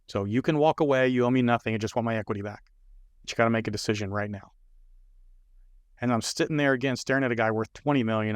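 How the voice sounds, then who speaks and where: A man's voice: fairly low pitch, clean tone, no room sound, studio quality. An older man, a business consultant, telling stories in a podcast interview and acting out the dialogue as he goes. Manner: animated storyteller acting out dialogue.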